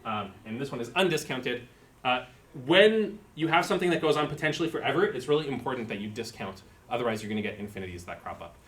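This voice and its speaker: A man's voice: mid-range voice, animated, fast, fairly bright tone. A man giving a university lecture, explaining terms step by step and thinking aloud with fillers. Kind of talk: live-coded lecture.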